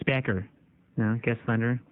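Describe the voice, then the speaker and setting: A man's voice: mid-range voice, fairly even intonation, moderate pace. A man hosting a call-in radio show, joking and teasing callers. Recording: tinny phone-line radio audio.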